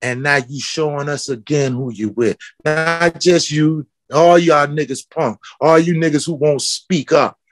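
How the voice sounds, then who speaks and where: A fiery man, speaking in a fairly high register. He preaches and calls people out with question after question. His voice sounds close and dry, with no room echo. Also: unhurried, few pauses. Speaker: footwear company founder. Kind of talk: passionate interview talk.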